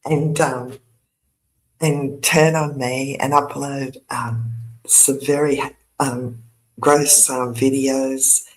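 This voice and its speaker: A woman's voice: extremely low pitch, steady tone, drawn-out words. An older woman, hosting her own channel in a casual, rambling chat, laughing often and tossing in sarcastic asides. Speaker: YouTube channel host.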